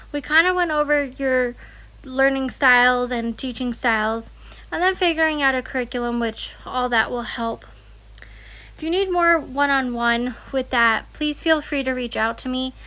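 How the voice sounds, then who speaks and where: A homeschooling mother speaks casually to her viewers, candid and chatty, full of "like" and "kinda." Her voice sits high and sounds bright and forward. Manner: candid, chatty storytelling with many fillers. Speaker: homeschooling parent and consultant. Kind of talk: casual personal vlog talk.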